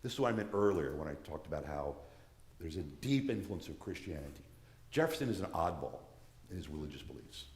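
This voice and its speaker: Man, low voice, earnest lecturer who restarts phrases; reverberant church hall sound. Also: sing-song, fairly quick, darkish tone.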